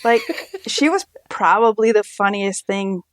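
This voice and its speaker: A woman's voice: medium pitch, animated, unhurried, no echo. Woman chatting casually on a podcast, medium voice, lots of "like", dry close mic. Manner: chatty, frank, many filler likes. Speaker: podcast co-host. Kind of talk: casual chat.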